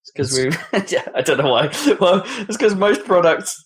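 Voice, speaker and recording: A man's voice: high-pitched, lively intonation, moderate pace. A man co-hosting a podcast in casual chat, playful and musing. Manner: playful, musing, mid-range voice. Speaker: podcast co-host.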